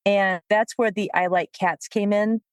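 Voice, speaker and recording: A woman co-hosting a podcast, a dog trainer telling stories with a lively manner and frequent laughter. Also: mid-range voice, a little slow, clean tone, dry recording, clean studio sound. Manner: lively storyteller, laughs often. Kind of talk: casual podcast chat.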